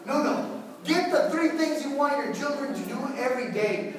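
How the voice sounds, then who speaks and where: A priest giving a joking, animated talk to parents and children. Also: male voice, very high-pitched, normal speed, heavy reverb, distant mic, crowd noise, rough recording. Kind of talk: parish talk to families. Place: church.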